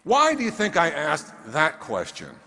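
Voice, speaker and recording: A man's voice: on the high side, huge pitch swings, measured pace, bright, forceful tone. A man giving a motivational speech from a stage, emphatic and firing rhetorical questions at the audience. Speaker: motivational speaker. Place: stage in a large hall. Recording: reverberant hall.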